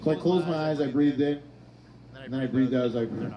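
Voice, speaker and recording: A man performing a stand-up comedy set, telling stories in a dry, deadpan way and acting out quotes. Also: mid-range voice, brisk, highs cut off, a crowd in the background. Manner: deadpan storytelling with acted-out quotes. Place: comedy stage with a laughing audience. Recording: live audience laughter.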